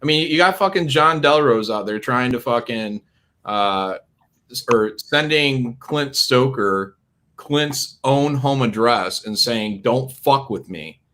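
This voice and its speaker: A man with a bright, tense voice talks casually on a livestream. He is blunt and sarcastic and swears a lot. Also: medium pitch, slow pace. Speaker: guest on a livestream talk show.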